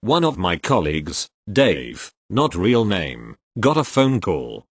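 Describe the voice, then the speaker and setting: A man's voice: deep voice, big pitch swings, takes it slowly, hardly any pauses, slightly rough, dry recording. A man reading tech-support stories aloud with a dry storytelling delivery, giving quoted lines small voice shifts. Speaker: narrator reading posts aloud.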